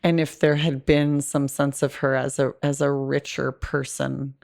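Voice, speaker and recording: A woman's voice: very deep voice, flat delivery, unhurried, vocal fry, a little mellow. A woman guest on a podcast, talking through a film in an articulate, analytical way with frequent restarts. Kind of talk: casual film discussion.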